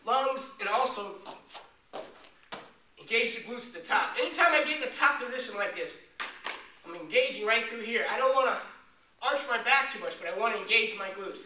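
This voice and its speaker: A man working as a fitness trainer, demonstrating a workout in an energetic coaching way with jokes. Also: extremely high pitch. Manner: energetic, joking coach talk while exercising. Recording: echoey room, distant mic, faint noise.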